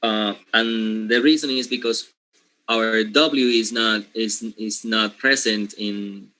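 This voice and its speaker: A man's voice: on the low side, fairly even intonation, slow, pushed and bright, poor audio. A male professor with a Spanish accent giving a lecture, repeating words as he goes and checking in with "okay?" and "right?". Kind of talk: university lecture.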